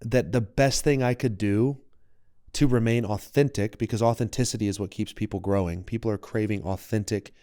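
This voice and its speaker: Reflective man with a low, mellow voice. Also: normal speed, no echo, clean studio sound. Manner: reflective, animated, acts out quoted voices. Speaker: guest, wellness coach and content creator. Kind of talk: casual podcast conversation.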